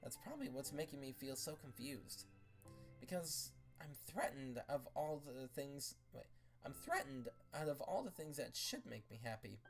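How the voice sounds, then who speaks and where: A woman's voice: a bass voice, very animated, soft background music, heavily acted. A woman voicing a scared, conflicted teenage girl who speaks hesitantly in a read-aloud fan story. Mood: troubled. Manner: halting, hesitant, quietly troubled.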